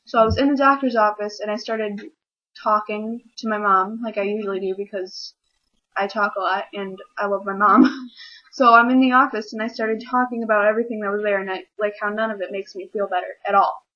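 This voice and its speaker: A teenage girl ranting casually to camera, rambling and acting out little scenes in quick voices. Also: mid-range voice, steady tone, sharp tone, highs cut off. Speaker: vlogger. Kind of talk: casual comedic rant to camera.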